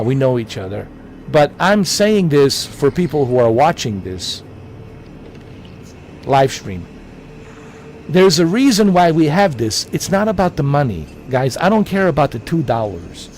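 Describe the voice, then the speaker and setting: A man's voice: medium pitch, a little mellow, slight background noise. Rambling man hosting a livestream. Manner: rambling, preachy, repeats himself. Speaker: livestream host. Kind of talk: casual livestream talk to chat.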